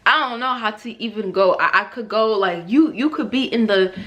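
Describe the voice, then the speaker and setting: Young female vlogger, casual testimony, lively swinging pitch, chatty and heartfelt, frequent laughs. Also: fairly quick. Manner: emotional, rambling, laughs often, many fillers. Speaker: vlogger sharing her faith testimony.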